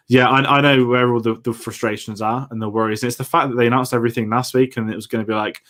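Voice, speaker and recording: A man's voice: medium pitch, steady tone, quick pace, hardly any pauses, a bit bright. A man co-hosting a film discussion show, talking in a chatty, rambling way with lots of fillers. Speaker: podcast co-host.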